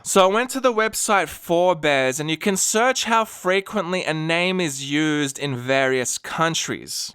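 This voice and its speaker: A man's voice: fairly high pitch, sharp tone, smooth, dry recording, studio quality. An Australian man who hosts fan theories and lays out his argument methodically with rhetorical questions. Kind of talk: explanatory monologue.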